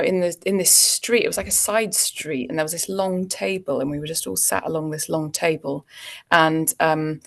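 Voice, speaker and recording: A woman's voice: deep voice, vocal fry. A woman, an actor chatting as a guest and telling anecdotes with frequent ums and laughs. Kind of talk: casual interview chat.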